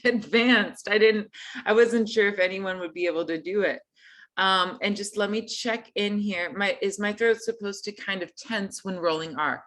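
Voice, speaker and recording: A woman's voice: mid-range voice, fairly bright tone. A woman teaching an online group singing lesson, friendly and encouraging in a casual way.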